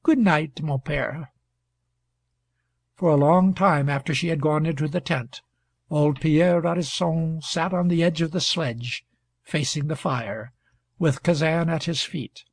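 Gravelly male audiobook narrator. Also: a little high, no echo. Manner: steady, measured storytelling. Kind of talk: scripted narration.

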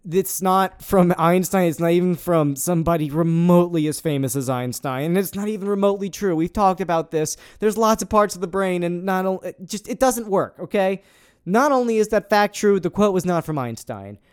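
Young male podcast host, sarcastic and rambly, smooth and slightly high-pitched. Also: fairly quick. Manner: sarcastic, rambling, swears casually. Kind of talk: casual podcast chat.

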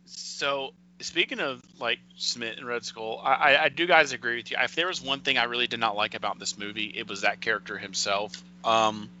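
A man with a very bright, forceful tone talks through a film review in casual chat. He stumbles and repeats words as he works out his point. The audio is dull and lo-fi. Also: medium pitch, a little hiss or hum. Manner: halting, repeats words while thinking. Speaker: podcast co-host.

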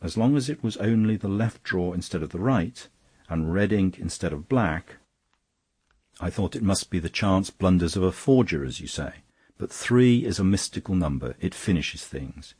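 A mild storybook priest, sober and earnest as he reasons things through, as a male reader puts him on. His voice is deep and slightly husky. It is recorded close and dry. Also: a little mellow, no room sound. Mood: puzzled. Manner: sober and reflective, puzzling things out.

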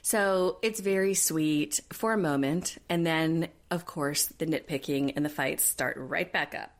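Woman co-host, low voice, chatty and sarcastic show recap. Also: a little slow. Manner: chatty, animated, sarcastic quips. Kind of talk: casual chat.

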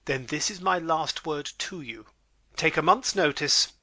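A man's voice: a little high, unhurried, sharp tone, no room sound, heavily acted. A man playing a pompous aristocratic lord and father in an amateur drama reading. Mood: blustering.

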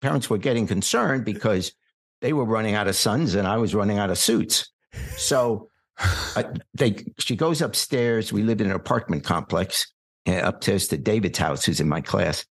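An older man, a podcast guest born in England, telling long stories in a relaxed, wry conversational way. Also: lowish voice, moderate pace, husky. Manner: relaxed anecdotal storyteller, wry asides. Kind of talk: storytelling in conversation.

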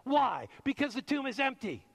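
A man's voice: very high-pitched, very animated, normal speed, creaky. A man preaching a sermon as pastor, emphatic and acting out the voices he quotes. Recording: long reverb of a large hall.

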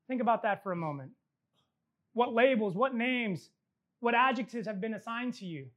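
High-voiced woman preaching emphatically. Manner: emphatic preaching with repeated phrases and joking asides. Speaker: pastor. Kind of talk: sermon.

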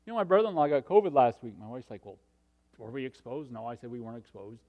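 A middle-aged man preaching a sermon, telling a personal story and swinging from hushed asides to loud, excited passages. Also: medium pitch, fast talker, narrow, tinny audio.

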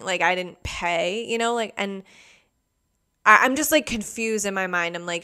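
Young woman, mid-pitched and smooth, chatty vlogger storytelling, lots of fillers. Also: normal speed. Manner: rambling, filler-heavy, animated retelling. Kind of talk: casual storytelling.

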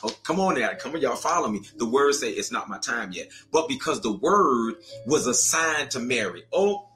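Male preacher with a bright, forceful voice and a lilt, preaching with call and response over faint music. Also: expressive, moderate pace. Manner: preaching, calls out to the congregation, rising pitch. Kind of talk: sermon.

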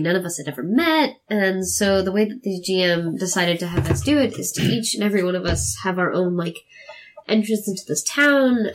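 A woman in casual chat about how a role-playing campaign began. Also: lowish voice. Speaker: tabletop role-playing player.

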